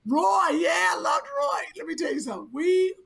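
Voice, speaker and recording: A woman co-hosting in casual chat, animated and emphatic, often exclaiming. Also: extremely high pitch, moderate pace, vocal fry, shouting. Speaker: radio veteran and co-host.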